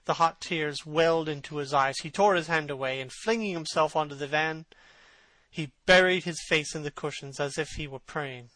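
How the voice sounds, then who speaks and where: A male narrator reads a classic novel aloud with measured expression. His voice is bright and fairly high, recorded close and dry. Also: no room sound, poor audio. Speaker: audiobook narrator.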